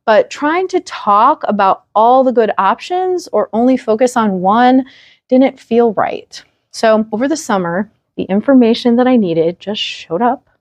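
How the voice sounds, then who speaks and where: A woman's voice: on the high side, animated, unhurried, no echo. Woman, parenting vlog host, earnest and encouraging, talks straight to the viewer, dry close sound. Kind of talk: direct-to-camera parenting advice vlog.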